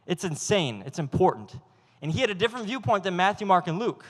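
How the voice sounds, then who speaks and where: A man's voice: high voice, big pitch swings, fast talker. A young man preaching a casual youth sermon, playful and joking, acting out little quotes. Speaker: youth pastor. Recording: long hall reverb.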